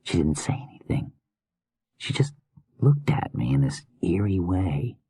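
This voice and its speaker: A man's voice: deep voice, very animated, a little slow, warm tone, husky, no room sound, pitched above the performer's own voice, heavily acted. A man voicing an unhinged, weary male killer filmmaker in a slurred whisper, as whispered role-play in an audiobook.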